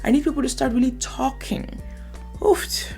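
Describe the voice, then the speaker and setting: A woman's voice: mid-range voice, normal speed, gravelly, faint music behind. A woman hosting a reaction video, commenting in an emphatic, opinionated way. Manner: emphatic, opinionated, lively asides.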